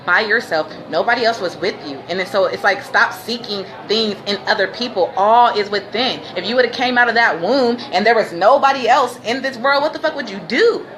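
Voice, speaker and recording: A woman's voice: fairly high pitch, fairly quick, hardly any pauses, fairly bright tone. A woman hosting a casual livestream, talking in laid-back slang, laughing often and breaking into preachy bursts. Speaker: livestream host. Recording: noisy ambience behind.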